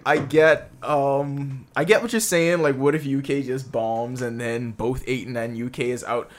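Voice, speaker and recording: A man chatting casually about sports, animated and playfully exasperated. He is from the Bahamas, and his voice sits slightly higher than most men's.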